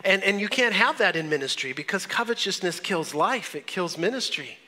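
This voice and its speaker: A man preaching a sermon as pastor, earnest and urging, his voice swinging from loud highs to soft lows. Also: animated. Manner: earnest, rising and falling in pitch and volume, preaching with pauses.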